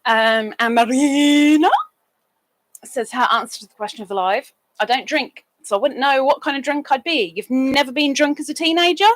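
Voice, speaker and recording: Speaking at a moderate pace with no echo, a woman runs a laid-back crafting stream. She wanders between short anecdotes and welcoming chat viewers, and now and then her voice bursts into squeaks.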